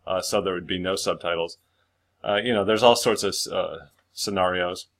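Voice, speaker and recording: Male tutor, low-pitched, casual and rambling, restarts mid-sentence, light typing in background. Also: fairly even intonation, normal speed, fairly bright tone. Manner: rambling, full of fillers and restarts. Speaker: screenwriting tutor. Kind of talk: casual screen-share tutorial.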